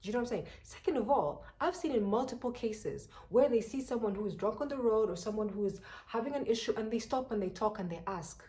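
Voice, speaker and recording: A young woman from Rwanda, telling a personal story to her viewers in an animated, chatty way. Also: fairly high pitch, quick pace, hardly any pauses. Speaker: vlogger.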